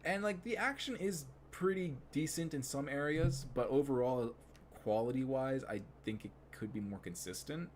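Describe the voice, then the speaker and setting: A young man streams live, rambling casually with lots of fillers and growing more excited as he talks. His voice is medium-pitched at a moderate pace, with a slight hiss or hum in the audio.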